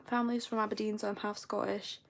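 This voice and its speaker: A woman's voice: mid-range voice, flat delivery, fast talker, creaky, fairly bright tone. A young woman with a posh southern English accent, chatting casually and rambling as host of a live stream. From southern England.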